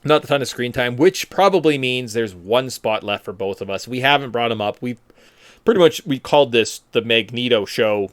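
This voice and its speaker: A man hosting a podcast in casual chat, animated and joking. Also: medium pitch, normal speed, no room sound. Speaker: podcast host.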